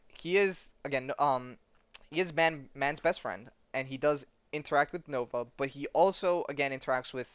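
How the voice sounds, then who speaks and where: A man hosting a podcast, recapping a comic in a loose, rambling way and laughing at his own jokes. His voice is smooth and sits at a middle pitch. It is recorded close and dry, with a dull lo-fi sound. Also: a bit bright, dry recording. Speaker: podcast host.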